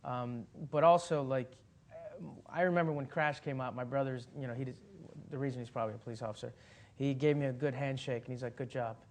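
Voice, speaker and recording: A man of middle pitch tells a story at a Q&A, all loose and animated, full of fillers and restarts. He breaks into laughter partway through his sentences and keeps winding back to his point. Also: brisk, slight background noise. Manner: laughs as he talks. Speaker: actor guest. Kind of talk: casual anecdote at a Q&A.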